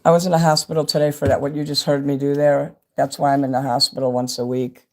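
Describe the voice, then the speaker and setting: A man's voice: mid-range voice, little pitch movement, quick pace. Rambling, swearing man livestreaming. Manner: rambling and profane, talks straight to chat. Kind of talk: casual livestream chat with viewers. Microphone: phone.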